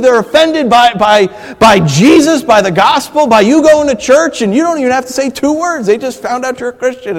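A male pastor delivers a sermon in a fairly high voice. He swings from loud, impassioned stretches to quiet, hushed ones, often stammering as he restarts his sentences. The sound rings with the long reverb of a large hall.

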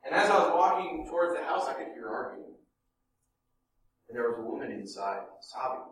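A man telling a first-person dramatic monologue in an animated way, dropping to hushed murmurs and rising to loud bursts. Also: mid-range voice, moderate pace, slight background noise. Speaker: storyteller. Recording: echoey room from a distance.

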